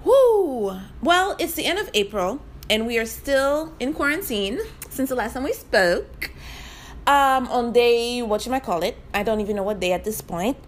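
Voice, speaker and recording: A woman's voice: on the high side, expressive, normal speed, slight background noise. A young woman hosting her own podcast, chatting in an upbeat, familiar way and calling the listener "sis". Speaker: podcast host. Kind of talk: casual solo podcast chat.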